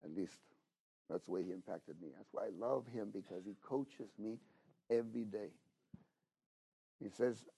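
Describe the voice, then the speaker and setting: A middle-aged man delivers a sermon in a husky, breathy voice. He talks to the listeners as if in conversation, dropping in "you know?" and "okay?". His delivery keeps swinging from loud, emphatic exhortation to hushed, intimate asides. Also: lowish voice, fairly quick, long pauses. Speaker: preacher.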